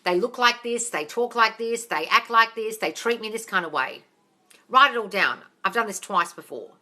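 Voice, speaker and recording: Woman, livestream coach, bright and forward voice, blunt and sweary, calls everyone darling, phone mic. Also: a little high, expressive, normal speed. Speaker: manifesting coach answering viewer questions.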